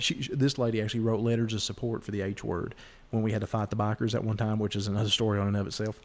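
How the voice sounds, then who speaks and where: Fast-rambling man telling stories. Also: fairly low pitch, steady tone. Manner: rambling, restarts, mimics people in his stories. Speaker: podcast host. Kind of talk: casual storytelling chat.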